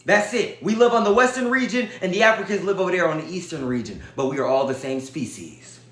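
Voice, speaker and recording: A man's voice: high-pitched, expressive, fast, fairly bright tone, echoey room. A man vlogging to his viewers in a casual, emphatic, preachy way, often calling out to them as y'all. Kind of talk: casual direct-to-camera talk.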